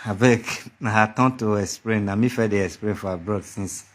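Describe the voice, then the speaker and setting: A man's voice: on the low side, normal speed. A man with a Nigerian accent giving a heated monologue to the camera, taunting and mocking, repeating his threats over and over. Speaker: vlogger.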